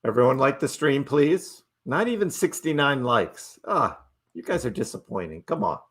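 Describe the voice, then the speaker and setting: A man's voice: mid-range voice, sing-song, normal speed, slightly rough. A middle-aged man hosting a casual live stream, chatting loosely with his viewers, reading their messages aloud and laughing often. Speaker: livestream host.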